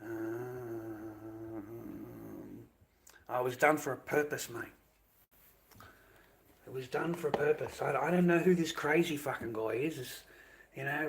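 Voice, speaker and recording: A man's voice: a little high, moderate pace, slight background noise. An Australian man ranting angrily on a livestream, swearing heavily and repeating himself. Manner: angry, profane, repetitive ranting. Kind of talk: livestream rant.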